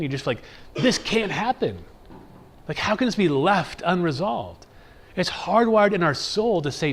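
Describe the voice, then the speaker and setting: A man teaching a catechism class in a conversational lecture style, animated, often checking in with "right?" and acting out people's reactions. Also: a little high. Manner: animated, keeps asking "right?"; acts out everyday reactions in quotes.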